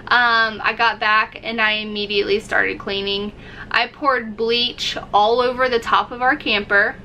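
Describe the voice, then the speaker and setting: A woman's voice: fairly high pitch, little pitch movement, measured pace, sharp tone, slight background noise, poor audio. A woman vlogger casually telling a story to camera, acting out her own reactions as she goes. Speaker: RV-living vlogger.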